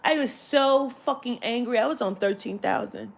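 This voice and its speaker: A woman talking straight to her audience in a casual vlog. She tells the story as a rant, heavy with swearing and lively emphasis, in a slightly raised voice. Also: on the high side, normal speed, creaky. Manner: profane, animated, mimics clerks' voices. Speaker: vlogger.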